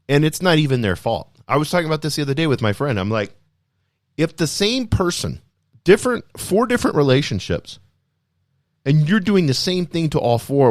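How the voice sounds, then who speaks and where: A man hosting a podcast, speaking in an energetic, emphatic motivational style full of rhetorical questions. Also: a little high, dry recording, studio quality. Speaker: podcast host. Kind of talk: motivational solo talk.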